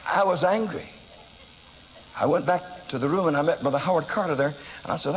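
An older American man preaching, telling a story in an animated way with sudden shouts and laughter at himself. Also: on the high side, fairly quick, long reverb tail, a little hiss or hum, rough recording. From United States. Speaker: evangelist preacher. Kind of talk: storytelling sermon.

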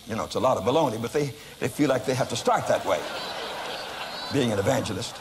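An older American man preaching, telling a story in an animated way with sudden shouts and laughter at himself. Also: mid-range voice, quick pace, in a large hall, noisy background. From United States. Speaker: evangelist preacher. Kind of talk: storytelling sermon.

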